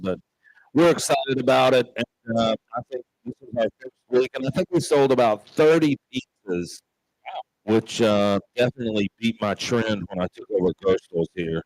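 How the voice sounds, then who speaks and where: A man from Memphis with a Southern accent, a pub owner and show host, rambling through stories with plenty of pauses and fillers. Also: fairly low pitch, a little mellow, dry recording, rough recording. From Memphis, Tennessee. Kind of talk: casual chat.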